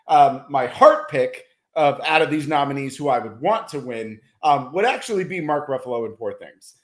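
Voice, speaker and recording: Male film critic guest, mid-pitched, musing, stop-start delivery, recorded with a roomy echo. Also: lively intonation, normal speed, a bit bright. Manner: thoughtful, lots of ums and restarts. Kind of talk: casual awards-preview chat.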